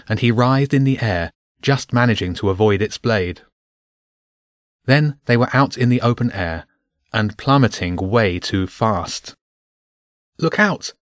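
A man narrating an audiobook in even, measured storytelling. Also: lowish voice, no echo, clean studio sound.

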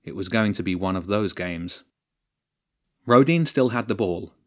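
Low-voiced man narrating an audiobook. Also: a little slow, fairly bright tone.

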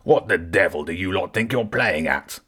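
A man's voice: sits low, lively intonation, normal speed, a bit bright, husky, exaggerated voice. A man voicing a huge grey-furred male creature who roars with haughty indignation. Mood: indignant.

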